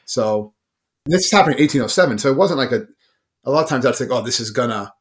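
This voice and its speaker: Fast-talking man explaining history. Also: mid-range voice, expressive. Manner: quick, conversational, with filler words. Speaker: history podcast co-host. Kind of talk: casual explanatory chat.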